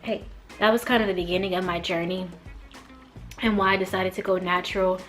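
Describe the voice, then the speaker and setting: A young woman from the Mid-US telling a casual storytime vlog, animated and acting out quoted lines with big jumps in her voice. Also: lowish voice, fairly quick, soft background music. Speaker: vlogger.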